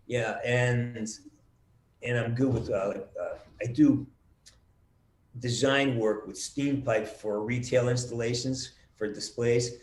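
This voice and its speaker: A middle-aged man being interviewed over a video call, telling lively stories and acting out the quotes, with some swearing. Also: mid-range voice, slow pace. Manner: animated storyteller, acts out quotes with swearing. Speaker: voice actor guest. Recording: roomy video call audio.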